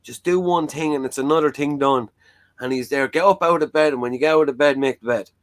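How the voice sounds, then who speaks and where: A man's voice: on the high side, fairly quick, no room sound. A man hosting a talk show, chatting frankly and rambling with lots of "like" and "you know". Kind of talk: casual chat.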